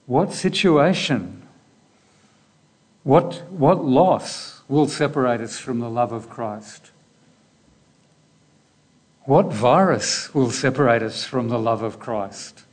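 Slow, deliberate male preacher. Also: mid-range voice, animated. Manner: slow, deliberate, with repeated rhetorical questions. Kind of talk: sermon.

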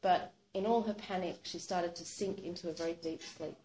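A warm, steady, lowish voice carries this woman's spoken story at a moderate pace, and it sounds true. She keeps it casual, with many a "you know" and "sort of," while the room adds echo and faint background noise.

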